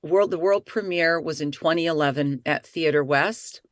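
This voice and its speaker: Lively, talkative woman with a dry sound. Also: low voice, moderate pace, no echo. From Italy. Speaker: actress, voice-over artist and playwright. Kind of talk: casual interview chat.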